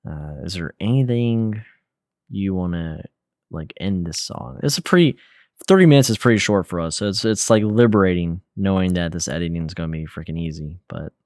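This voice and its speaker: Young male podcast co-host, very low voice, relaxed rambling delivery, dry room. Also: brisk, no room sound. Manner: relaxed, rambling, lots of fillers and slang. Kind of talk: casual gaming podcast chat.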